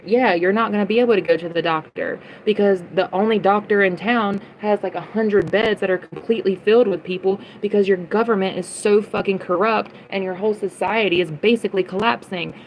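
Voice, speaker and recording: A woman's voice: medium pitch, fairly even intonation, a little fast, few pauses, a little hiss or hum, low-quality recording. Heated, profane woman streamer. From United States. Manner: heated, profane, repeats phrases for emphasis. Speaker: livestreamer. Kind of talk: livestream rant answering chat comments.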